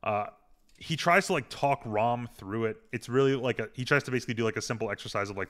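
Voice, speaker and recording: A man's voice: mid-range voice, quick pace, a bit bright. A man hosting a podcast, recapping a TV episode in casual chat, rambling and humming filler as he retells scenes. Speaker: podcast host.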